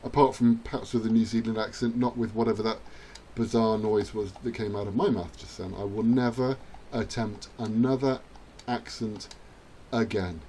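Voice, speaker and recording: A man's voice: fairly low pitch, fairly even intonation, normal speed, mellow, a little hiss or hum. Chatty man narrating a game. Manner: chatty, self-mocking, cheering at the screen. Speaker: gaming channel host. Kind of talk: let's-play commentary.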